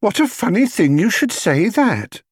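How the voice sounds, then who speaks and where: A man voicing a fussy elderly woman housekeeper in an audiobook reading, with a brisk, tart way of talking. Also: high voice, very animated, husky, dry recording, studio quality, voice pushed up, full character voice. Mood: coy.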